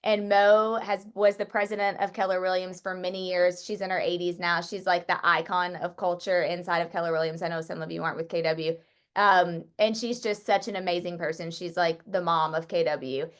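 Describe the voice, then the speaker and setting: A woman speaking at a Bible study, telling a personal story to the group in a chatty, excitable way with many filler words. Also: fairly low pitch, fairly quick, clear, resonant tone.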